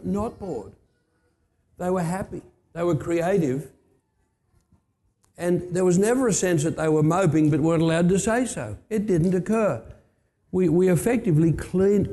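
A middle-aged Australian man preaching a sermon, telling blunt, emphatic stories and jumping up in pitch to stress a point. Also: dark tone. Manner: blunt, emphatic storytelling with sudden rises for stress. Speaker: pastor. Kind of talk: sermon with personal anecdotes.

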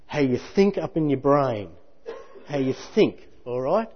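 A man preaching a sermon in a lively, conversational way with jokey asides. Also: fairly high pitch, unhurried. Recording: muffled hall recording with long reverb.

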